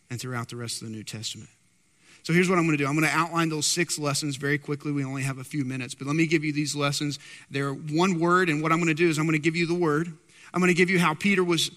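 A man preaching a sermon with emphatic storytelling and repeated key words. His voice is high and bright, and it carries a long hall reverb.

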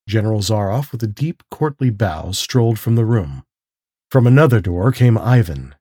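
A man narrating a calm bedtime mystery story and leading a guided breathing exercise, in a slow, soothing, measured voice. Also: on the low side, slightly rough, no echo, clean studio sound.

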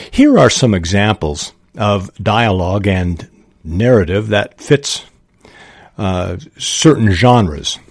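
A male podcast host explaining writing craft. He talks slowly and thoughtfully, with small restarts. The voice is lowish and close, in a dry room. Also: dry recording.

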